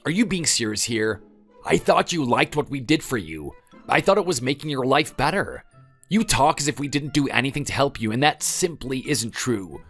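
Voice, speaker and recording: A man's voice: mid-range voice, big pitch swings, normal speed, a bit bright, faint music behind. A man voicing a defensive husband who insists he did enough for his wife and begs her not to leave. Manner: defensive, then pleading. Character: defensive husband pleading to save his marriage. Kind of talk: text-message story dramatization.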